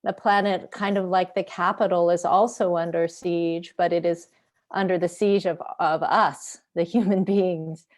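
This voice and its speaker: A woman Buddhist teacher giving a slow, reflective dharma talk over an online video call, pausing often. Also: lowish voice, darkish tone. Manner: slow, reflective, with pauses and fillers.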